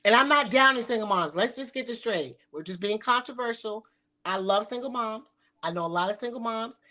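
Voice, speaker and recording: A woman's voice: on the high side, brisk, bright, forceful tone. A middle-aged woman hosting a talk show, speaking bluntly and sassily with frequent swearing. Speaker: podcast host. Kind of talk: provocative casual talk.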